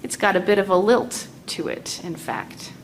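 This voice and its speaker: A woman teaching a lesson on poetic meter, speaking slowly and deliberately and tapping out the stressed and weak beats aloud. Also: mid-range voice, slight background noise.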